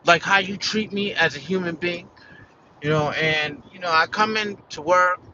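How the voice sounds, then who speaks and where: Bright-voiced American man ranting casually. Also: high voice, normal speed, dull audio, a little hiss or hum. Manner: rambling and profane, full of "like" and "you know". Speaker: vlogger. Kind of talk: casual rant to camera.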